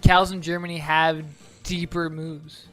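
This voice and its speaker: A man co-hosting a casual couch chat over gameplay, rambling and halting with lots of fillers. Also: a little high, little pitch movement, fairly bright tone, faint music behind. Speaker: co-host.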